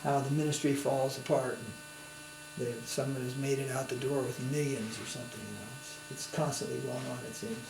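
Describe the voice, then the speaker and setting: A swami gives a spiritual lecture, telling stories in a chatty way and inviting listeners to follow along with tag questions. His mid-range voice is gravelly and steady, moving at a moderate pace with few pauses. The room sounds spacious, with a faint hum underneath.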